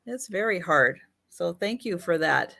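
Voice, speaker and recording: A woman's voice: on the low side, animated, a little slow, gravelly, pushed and bright. A woman co-hosting a live vintage sale, chatting casually about old films and suits. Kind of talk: casual live-stream chat.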